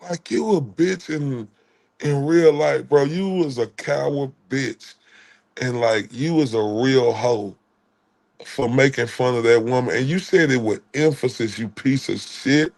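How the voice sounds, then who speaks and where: A man's voice: medium pitch, a little slow, creaky, a little mellow. A man from Dallas, Texas hosting a livestream and ranting with profane, repetitive insults. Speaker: livestream host. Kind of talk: heated livestream rant.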